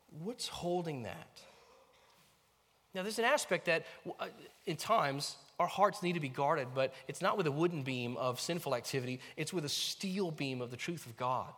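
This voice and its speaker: A man preaching a sermon as a pastor, animated, swinging between quiet asides and loud emphatic lines. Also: a little high, normal speed, in a large hall. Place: church sanctuary.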